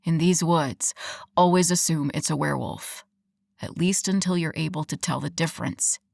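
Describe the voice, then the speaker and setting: A woman voicing a teasing, protective young werewolf man in a low, rough, playful way, in an audiobook. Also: moderate pace, darkish tone, no room sound, clean studio sound. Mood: teasing advice.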